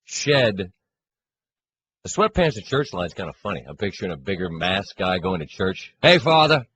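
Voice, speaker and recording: A man co-hosting a sports radio show, bantering in an animated, self-mocking way. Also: sits low, moderate pace, rough recording. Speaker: co-host. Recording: faint room hiss.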